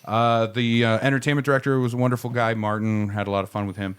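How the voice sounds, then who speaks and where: A man's voice: mid-range voice, fairly even intonation, quick pace, smooth. A young man casually telling a long story on a studio podcast, rambling with fillers and swearing freely. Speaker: podcast co-host. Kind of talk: casual chat.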